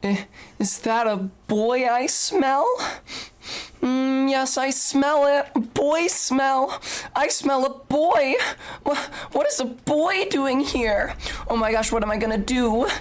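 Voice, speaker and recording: A woman voicing a giddy young woman obsessed with the smell of boys, squealing and drawn-out. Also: sits high, pitched above the performer's own voice.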